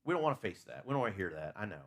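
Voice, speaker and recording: A man's voice: fairly low pitch, sing-song, rapid-fire, a bit bright. A man preaching a conversational sermon in a church, asking his listeners questions and talking openly about his own faults.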